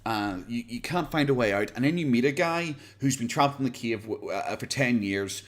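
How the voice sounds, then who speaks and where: A man's voice: medium pitch, expressive, normal speed. An Irish man hosting a casual reaction livestream from home. He rambles and chats, laughs often and swears casually, speaking into a desk condenser mic. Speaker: livestream host. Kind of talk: casual reaction stream chat. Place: home, pets nearby. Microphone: USB condenser desk mic.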